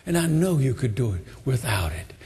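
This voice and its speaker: A man voicing a desperate, humble mother who pleads in a soft, hushed voice. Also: mid-range voice, sing-song, brisk, slightly rough, pitched below the performer's own voice, full character voice. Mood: pleading.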